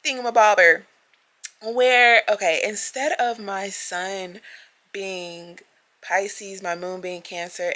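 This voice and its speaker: A woman vlogging in casual chat, animated and giggly, with chatty asides and a drawn-out delivery. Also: fairly low pitch.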